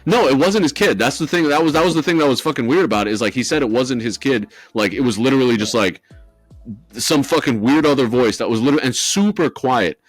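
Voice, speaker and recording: A man's voice: mid-range voice, fast, no room sound, faint music behind. A man co-hosting a podcast, telling a ghost story in rambling casual chat with lots of swearing and fillers. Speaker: podcast co-host.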